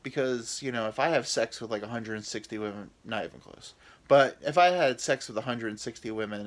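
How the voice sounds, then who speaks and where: A man's voice: on the low side, quick pace. A man in his thirties hosting a podcast, telling rambling, self-deprecating comic stories about his anxiety with women. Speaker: podcast host. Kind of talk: rambling comedic storytelling.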